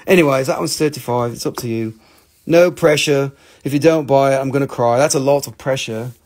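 An American man hosting a live sales stream, talking in an excitable, rambling way with casual swearing. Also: medium pitch, normal speed, pauses often. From United States.

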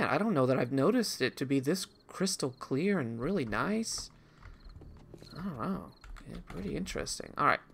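Bright-voiced man rambling over gameplay. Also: fairly high pitch, creaky. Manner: rambling and reflective, with frequent restarts and asides to the game. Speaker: gaming channel host. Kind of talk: casual storytelling over gameplay commentary.

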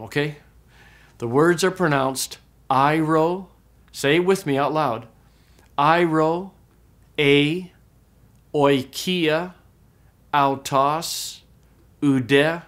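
Guy teaching a class on video, medium voice, explains step by step and drags out example sounds slowly. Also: medium pitch. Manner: slow, drawn-out demonstration of pronunciations; explanatory, with frequent "okay?" checks. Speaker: Greek teacher. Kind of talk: recorded class lecture.

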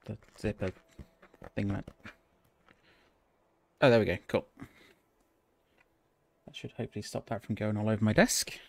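A man's voice: on the low side, steady tone, normal speed, vocal fry, pauses often, no echo. A man streaming a social deduction game with friends, joking and laughing a lot. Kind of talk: casual gaming chat.

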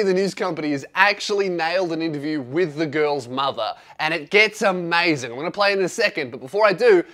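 A young Australian man doing sarcastic comedic commentary, swearing and animated. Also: fairly high pitch. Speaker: comedian, host.

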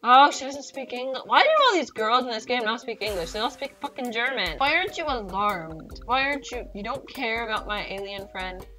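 A woman hosting a gaming channel, giving excitable, swear-filled commentary on her own gameplay with sudden squeals. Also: on the high side, brisk, few pauses, faint music behind. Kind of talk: let's play commentary.

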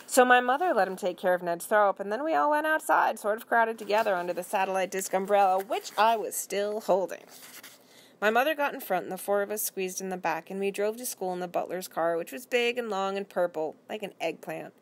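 A woman reading a storybook aloud for a library, narrating in first person in an expressive, unhurried way. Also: mid-range voice. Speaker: library reader.

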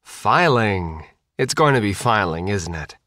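A man's voice: fairly low pitch, very animated, unhurried, sharp tone, no room sound, clean studio sound, heavily acted. A man voicing a blunt, sarcastic teenage girl who works as a bodyguard in an audiobook.

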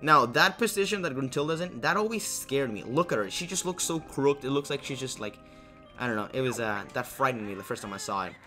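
A man's voice: medium pitch, lively intonation, brisk, bright, forceful tone, faint music behind. A young man casually commenting while playing a video game, rambling and joking about himself, with lots of fillers. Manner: rambling, self-deprecating, many fillers and restarts. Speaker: let's play host.

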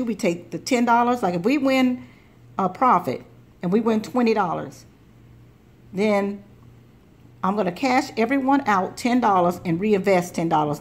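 A woman hosting a lottery scratch-off video, chatting casually and rambling as she scratches. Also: mid-range voice. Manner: chatty, rambling, repeats words. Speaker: lottery scratch-off channel host. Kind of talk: casual chat while scratching tickets.

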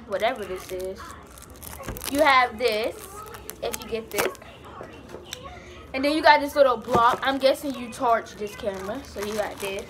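A young woman, chatting excitedly and breathlessly in a casual vlog. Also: high-pitched, noisy background. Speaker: vlogger.

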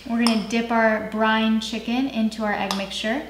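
A woman's voice: fairly high pitch, little pitch movement, moderate pace, roomy sound, noisy background. A young adult woman hosting a casual home cooking vlog, sarcastic and self-mocking as she talks through the recipe. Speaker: cooking vlogger. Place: home kitchen.

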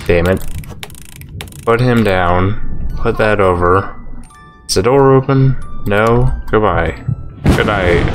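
A man casually commenting as he plays a horror game, muttering exasperated reactions. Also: sits low. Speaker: gamer playing a horror game. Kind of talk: casual let's-play commentary.

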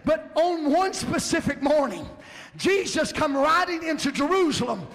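A male preacher with a strikingly high, gravelly voice, preaching fervently and rising into emphatic shouts. His sermon rings out with a long reverb through a church sanctuary. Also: expressive, normal speed.

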